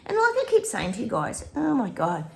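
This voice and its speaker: A woman's voice: fairly high pitch, wildly swooping pitch, fairly quick, gravelly, reverberant. A woman hosting a psychic prediction channel, chatting casually to viewers, breaking into bits of song and laughing often.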